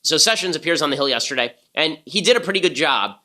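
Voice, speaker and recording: A man talking at a rapid clip with a bright, sharp tone, like a host firing off opinions on his podcast. His delivery is punchy and sarcastic. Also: fairly high pitch, animated. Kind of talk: political commentary.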